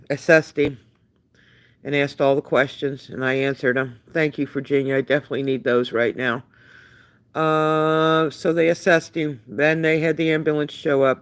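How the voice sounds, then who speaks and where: Older woman, live-stream update, halting and tired, even pitch, clear voice. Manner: halting, with many fillers, greeting viewers as she talks. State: emotionally worn out. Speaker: caregiver giving a live update.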